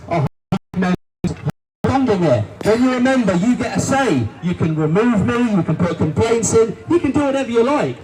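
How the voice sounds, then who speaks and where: A man giving a rousing political rally speech, repeating lines and calling the crowd guys. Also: high voice. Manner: forceful, repetitive, rousing, addresses crowd as guys. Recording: distant voice with faint crowd noise.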